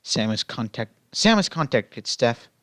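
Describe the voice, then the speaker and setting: Guy reading fanfic out loud, rambly asides, dry close mic. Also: medium pitch, very animated, measured pace, dry recording. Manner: rambling asides, many fillers like "you know". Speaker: fan fiction reader. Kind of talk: casual read-aloud with commentary.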